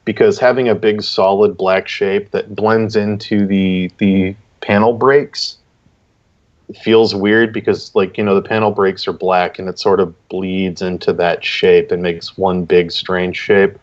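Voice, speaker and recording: A man's voice: sits low, flat delivery, measured pace, dull audio. A man as a guest judge giving casual art critiques on a live stream, piling on emphatic praise with repeated "really, really.".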